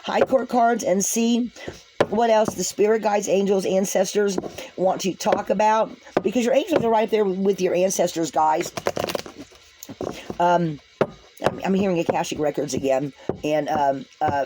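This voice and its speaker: A woman's voice: lowish voice, moderate pace, background noise. A woman giving a casual spiritual tarot reading to camera, chatty, laughing often and talking straight to her viewers. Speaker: tarot card reader.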